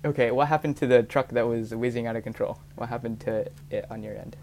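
A man's voice: mid-range voice, fairly even intonation, fast talker, darkish tone, slight background noise. Teen boy, playful co-host, casual filler-laden chat, call mic. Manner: playful, teasing, filler-heavy.

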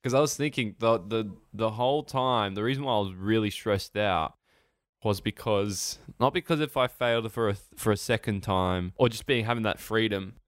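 A young man, co-hosting a podcast in a rambling, excitable chat full of restarts and swearing. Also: fairly low pitch, normal speed, no room sound, studio quality. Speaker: podcast co-host. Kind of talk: casual chat.

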